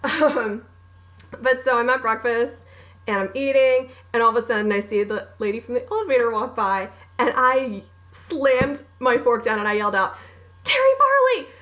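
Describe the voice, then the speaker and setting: Poor audio captures a young adult woman, an author who vlogs about books, casually recommending her favorites with gushing, bubbly enthusiasm and acted-out reactions. Her voice sits a little high and a bit bright, with a steady tone and a moderate pace.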